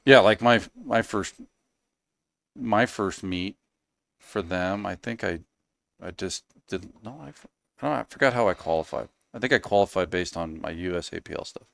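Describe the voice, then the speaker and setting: A man's voice: sits low, moderate pace, creaky, no room sound. A man from the United States talking as a podcast guest in a casual, rambling way with frequent ums and trailing asides. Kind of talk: casual interview talk.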